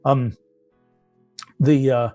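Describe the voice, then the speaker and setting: A man's voice: medium pitch, level tone, very slow, dark tone, highs cut off, faint music behind. British man thinking aloud in a lecture. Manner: thinks aloud, frequent restarts while explaining. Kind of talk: technical physics lecture.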